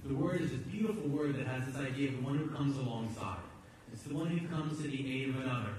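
A man's voice: medium pitch, quick pace, a little mellow, slight background noise. A man preaching a sermon as pastor, in a conversational, emphatic way, often repeating words as he goes. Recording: echoey hall, distant mic.

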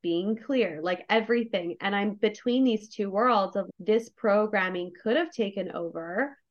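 Woman guest, candid and effusive storyteller, mid-pitched voice, slightly dull lo-fi recording. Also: unhurried. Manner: effusive, emotionally open, many "like" fillers. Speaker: podcast guest.

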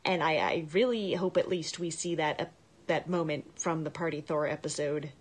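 A woman recording a chatty, excited video message to a podcast. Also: low voice, normal speed. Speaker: listener sending a video message.

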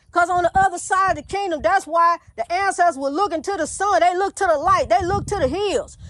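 A woman's voice: very high voice, fairly bright tone, no room sound. A woman minister preaching with fervent, repetitive calls, often calling the listener "honey". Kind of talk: preaching monologue.

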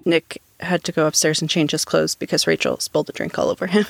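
Low, gravelly-voiced woman recapping a film. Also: quick pace, no echo, clean studio sound. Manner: recaps plot scenes in a relaxed, matter-of-fact way. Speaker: podcast co-host. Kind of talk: casual movie recap chat.

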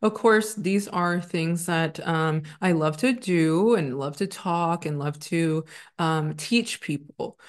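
A woman in her thirties talks straight to camera in a loose, confessional vlog, pausing often with ums. Her voice sits a little low for a woman. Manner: candid, rambling, frequent ums. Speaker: astrologer and former teacher. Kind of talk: casual personal vlog.

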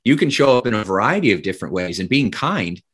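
Earnest low-voiced male coach. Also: big pitch swings, quick pace, fairly bright tone, husky. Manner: earnest, emphatic, says "right?" often. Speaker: executive coach, podcast guest. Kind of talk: conversational storytelling.

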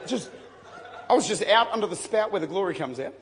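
A man preaching a sermon, telling a story with lively jokes and bursts of shouting, in a large church hall. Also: sits high, brisk, heavy background noise. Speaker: pastor. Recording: long hall reverb, faint crowd ambience.

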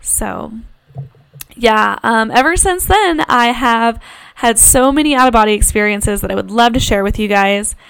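A woman's voice: fairly high pitch, moderate pace, vocal fry, smooth. A young woman hosting a podcast, telling a personal story in a casual monologue, full of fillers and swearing. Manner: frequent fillers, swears freely, animated retelling. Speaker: podcast host.

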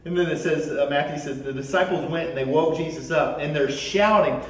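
A man preaches a sermon in a lively, animated way, doubling words as he launches each thought. His slightly high voice carries across a very echoey room from some distance off the mic. A faint hiss sits underneath. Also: a little fast, hardly any pauses. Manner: animated, repeats words when starting sentences. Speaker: pastor.

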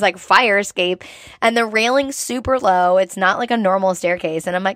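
A woman host telling a casual, animated story to her viewers, talking chattily and saying "like" often. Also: mid-range voice, normal speed, no echo, clean studio sound. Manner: chatty and animated, heavy use of "like". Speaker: host recounting past work as a theme-park performer.

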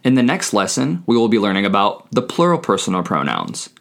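A man leads a scripted beginner Spanish lesson in a low voice. His pitch swings widely as he stresses each new word. He spells things out slowly and deliberately. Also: huge pitch swings, vocal fry. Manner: slow, deliberate, spells words out letter by letter. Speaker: Spanish teacher.

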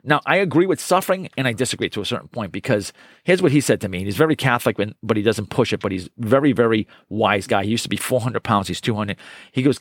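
A middle-aged man telling stories as a podcast guest, energetic and profane, often repeating words as he gets going. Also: on the low side, quick pace, no echo, clean studio sound. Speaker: podcast guest, trainer and author. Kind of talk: casual interview storytelling.

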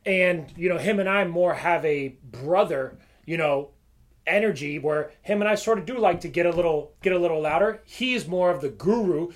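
A man who works as a trainer, talking casually on a podcast in a relaxed way with filler words. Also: fairly high pitch, normal speed.

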